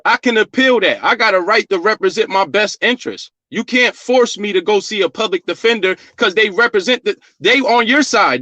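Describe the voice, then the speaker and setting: A man's voice: high-pitched, sharp tone, dry recording. A man filming on his phone and arguing insistently with court staff, repeating his points. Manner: insistent, argumentative, repeats himself. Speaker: vlogger confronting court staff. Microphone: phone held by the speaker.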